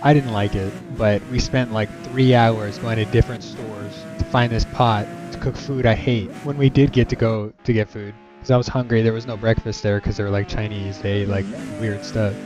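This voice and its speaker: A man's voice: lowish voice, steady tone, normal speed, hardly any pauses. A young man telling a rambling, exasperated personal story as a vlogger. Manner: exasperated, rambling, many fillers. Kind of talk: casual storytelling rant. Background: music.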